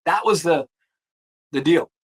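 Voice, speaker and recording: Guy in his 30s, kinda high voice, super casual, lots of "dude" and "like", swears a bit. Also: unhurried. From US East Coast. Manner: slangy, animated, swears, says "dude" and "like" a lot. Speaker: insurance producer, guest. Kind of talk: casual storytelling interview.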